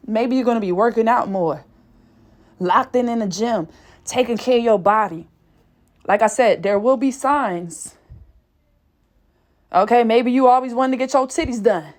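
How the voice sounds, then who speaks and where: A woman's voice: fairly high pitch, moderate pace, pauses often, darkish tone. A woman giving a fervent spiritual reading, out of breath, swearing casually and exclaiming often. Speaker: spiritual reader.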